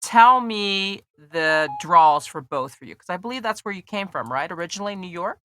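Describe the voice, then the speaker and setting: A woman's voice: lowish voice, expressive, unhurried, sharp tone, a little hiss or hum. A woman hosting a podcast interview, chatty and playful, laughing often. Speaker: podcast host. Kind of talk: casual interview chat.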